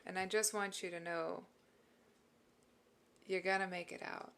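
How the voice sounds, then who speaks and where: A woman's voice: medium pitch, level tone, a little slow, gravelly, pauses often, smooth. A woman hosting a live stream, answering chat and encouraging viewers about mental health, emotional and teary. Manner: warm, encouraging, reads and answers chat messages. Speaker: livestream host.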